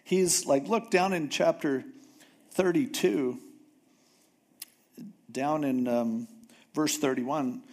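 Animated man preaching a lively sermon. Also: on the high side, slow pace, long pauses. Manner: animated storytelling, acts out characters with jokey asides. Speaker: pastor.

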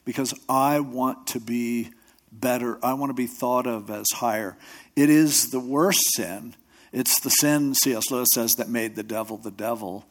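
Chatty pastor preaching a sermon. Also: male voice, medium pitch, fairly even intonation, a little slow. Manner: storytelling, acting out quotes in voices; loose, with restarts and asides. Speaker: pastor with a radio show. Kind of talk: conversational sermon.

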